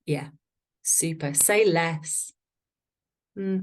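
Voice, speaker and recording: A woman, a voice coach giving a chatty, playful online workshop talk over a video call. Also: extremely slow. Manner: chatty, playful, varies pitch for effect.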